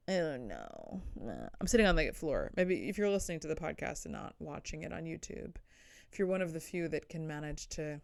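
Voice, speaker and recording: A young adult woman hosting her own comedy podcast, talking in a loose, rambling way full of blunt, self-deprecating asides. Her voice is smooth and sits a little low, and it is recorded dry and close. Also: a little mellow, dry recording. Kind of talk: casual solo comedy podcast. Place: indoors, sitting on the floor.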